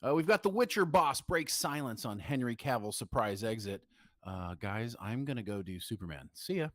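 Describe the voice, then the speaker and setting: A man co-hosting a live podcast in casual chat, tired, with a rough morning voice and a quiet desk mic. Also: medium pitch, normal speed, no room sound, clean studio sound. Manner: tired, self-deprecating, animated. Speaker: podcast co-host. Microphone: desk microphone, quiet in the mix.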